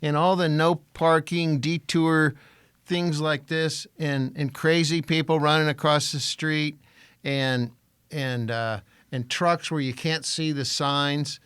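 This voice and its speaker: A man's voice: fairly high pitch, fairly even intonation, slow pace, a bit bright, clean tone, no room sound. A man co-hosting a podcast, chatting casually, trading dry jokes and grumbling through lists of complaints. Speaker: podcast co-host. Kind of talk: casual chat.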